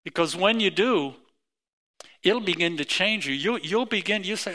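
Male pastor, middle-aged, high, bright voice, slow deliberate delivery, emphatic sermon style. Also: lively intonation. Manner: emphatic preaching with rising pitch and repeated phrases.

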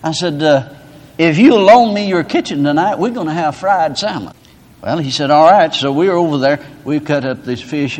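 A man preaching a sermon, telling folksy stories with laughter to illustrate his point. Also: on the high side. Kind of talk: storytelling sermon. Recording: reverberant hall.

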